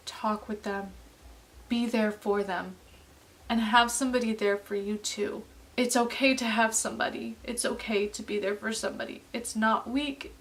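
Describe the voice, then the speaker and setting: A woman in her late twenties talking earnestly in a personal vlog, halting and heartfelt. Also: on the high side, distant mic, poor audio. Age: late 20s. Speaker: vlogger.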